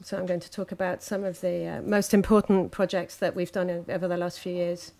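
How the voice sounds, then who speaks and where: A woman interpreting speeches live at a conference, halting often with fillers between phrases. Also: on the low side, level tone, gravelly, a little mellow.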